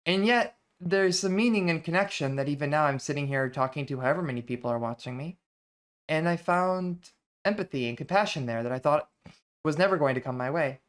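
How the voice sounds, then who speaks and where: Talking a little fast with an expressive, mid-range voice, an adult vtuber hosts a book reading series. It's a casual, reflective lecture stream where they muse conversationally over ideas, restarting often.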